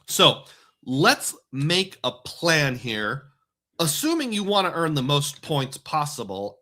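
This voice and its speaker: A man's voice: a little high, animated, normal speed, fairly bright tone. A man hosting a livestream, methodically walking through a points plan step by step. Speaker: host. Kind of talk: livestream explainer on credit card points.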